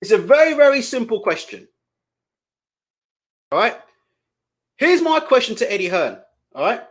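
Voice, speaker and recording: With a very high-pitched, sing-song voice at normal speed, a man hosts live boxing commentary. He rants indignantly and profanely, hammering the same questions over and over.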